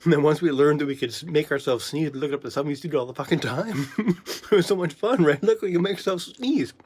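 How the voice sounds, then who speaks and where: A vlogger talking in a loose, rambling monologue, swearing freely and sometimes dropping into soft whispers. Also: medium pitch, fast talker, slightly rough.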